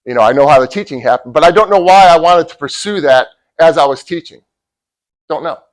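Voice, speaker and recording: A middle-aged man gives a motivational talk to college athletes, sharing a personal story and swinging from loud bursts to hushed asides. His voice is a little high and fairly quick, and the audio is poor.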